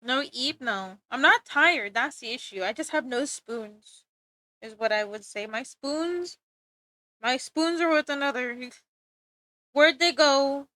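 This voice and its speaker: A woman's voice: high-pitched, animated, a little slow, sharp tone, no echo. A young woman streaming live while drawing, chatting playfully with viewers and giggling often. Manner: giggly, playful, rambling, talks to chat.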